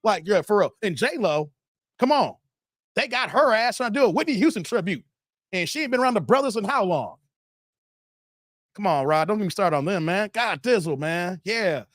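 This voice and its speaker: A man's voice: high-pitched, expressive, moderate pace, fairly bright tone, dry recording, clean studio sound. A man hosting a casual livestream who reads out viewer comments, jokes loosely and laughs often. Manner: loose, joking, laughing often, drops into mock voices. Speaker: livestream host.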